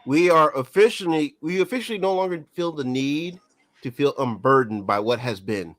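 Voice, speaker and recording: A man chatting casually on a livestream, joking in a relaxed way. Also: fairly high pitch, moderate pace.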